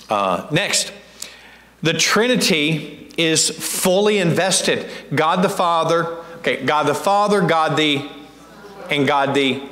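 A male pastor giving a teaching-style evening sermon, talking in a conversational, halting way with many restarts and asking the congregation questions. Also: a little high, fairly bright tone. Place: church sanctuary. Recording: echoey church hall.

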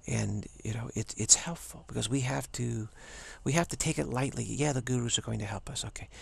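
A man hosting a casual spiritual talk video, rambling playfully with hushed asides. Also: mid-range voice, fairly quick, gravelly, breathy edge.

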